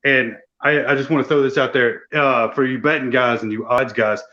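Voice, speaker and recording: Joking friend popping into a call, lo-fi muffled audio. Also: male voice, medium pitch, steady tone, normal speed, sharp tone. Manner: rambling, joking. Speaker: drop-in guest. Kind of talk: casual banter on a call.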